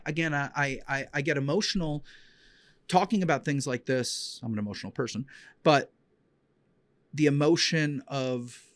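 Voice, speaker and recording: Man, dog trainer podcast host, heartfelt rambling storytelling, mid pitch, dry sound. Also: no room sound. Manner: rambling, heartfelt, many fillers and restarts. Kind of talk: emotional personal storytelling.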